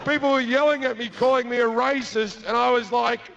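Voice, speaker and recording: Brisk and gravelly yet fairly bright, a very high male voice with fairly even intonation belongs to a crude Australian comedian. On stage he tells a profane story and plays its characters, heard through a dull, lo-fi, noisy live recording.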